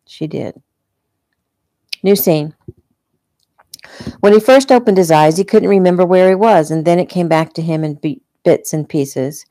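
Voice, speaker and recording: Author reading her novel at home, a woman with a low, mellow voice, dry close sound. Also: a little slow, long pauses, no room sound. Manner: relaxed, unpolished reading with small slips. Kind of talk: casual read-aloud narration.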